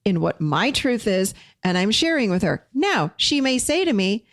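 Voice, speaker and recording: A woman's voice: medium pitch, big pitch swings, moderate pace, hardly any pauses, no echo, studio quality. A woman hosting a casual talk to listeners, speaking emphatically and repeating key phrases for weight. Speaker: podcast host and teacher.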